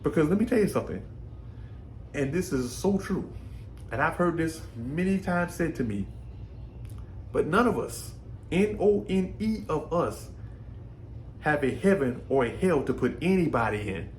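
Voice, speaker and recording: Animated, folksy man with a lively voice. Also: a little high, moderate pace, long pauses, slight background noise. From Brooklyn, New York. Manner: animated, folksy, repeats words while thinking. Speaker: faith vlogger. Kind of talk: casual faith talk.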